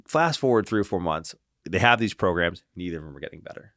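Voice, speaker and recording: A man guesting on a podcast as a clinician, telling stories in an animated, casual way that often checks in with "right?" and swears freely. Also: low-pitched, fast, no echo, studio quality. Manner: animated, tags lines with "right?" and "like". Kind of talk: casual interview storytelling.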